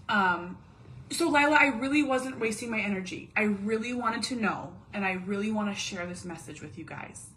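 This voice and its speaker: A woman in her thirties speaks straight to camera from her home in a candid, confiding monologue. Her voice sits at a middle pitch and turns earnest, sinking almost to a whisper on the painful parts. A faint low rumble hums underneath. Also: a bit bright, low-quality recording. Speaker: mom vlogger and caregiver.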